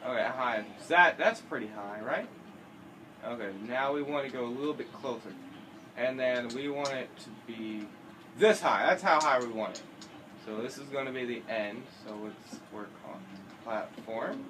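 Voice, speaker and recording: A teenage gameplay commentator with a medium-pitched, sharp-toned voice talks at normal speed over a building game. His let's-play commentary is casual, rambling, and jokey, with frequent self-corrections, in a noisy home recording.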